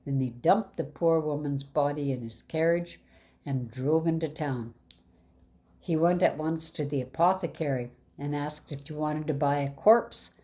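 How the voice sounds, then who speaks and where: A woman reading a fairy tale aloud in an even, measured way. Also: low-pitched, dull audio. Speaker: storyteller.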